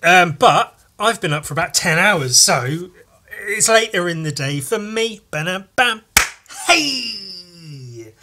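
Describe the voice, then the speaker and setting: A young British man talks in a slow, drawn-out way, swearing freely as he riffs on comic books. His voice is bright and forceful, and his commentary stays casual and irreverent. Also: high-pitched, lively intonation, a little hiss or hum. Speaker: comic reader and vlogger.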